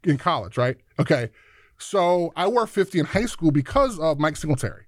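Man, 50s, from Chicago, interview guest; lively storyteller who voices the other people in his anecdotes, a touch higher pitched. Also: moderate pace, dry recording, clean studio sound. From Chicago, USA. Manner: animated storyteller who acts out quoted voices, casual swearing. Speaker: podcast guest, former football player.

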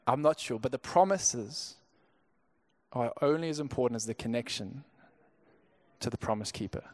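A young pastor from Zimbabwe tells a story from the pulpit in an easy, conversational way. His voice sits at a middle pitch, and he trips over and repeats his words as he goes. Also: moderate pace, a little mellow. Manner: conversational, frequent stammered restarts. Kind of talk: sermon storytelling.

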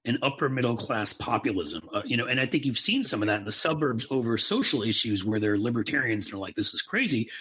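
A man's voice: mid-range voice, lively intonation, quick pace, hardly any pauses, fairly bright tone, slightly rough. A man co-hosting a casual political talk show, opinionated and emphatic. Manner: opinionated, emphatic, swears for punch. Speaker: podcast co-host.

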